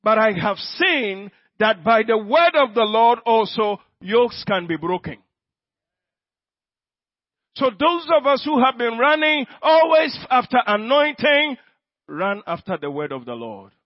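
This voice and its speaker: A man preaching a sermon, slow and emphatic, repeating his phrases and breaking into shouted healing prayer. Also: very high voice, big pitch swings, no echo, muffled recording.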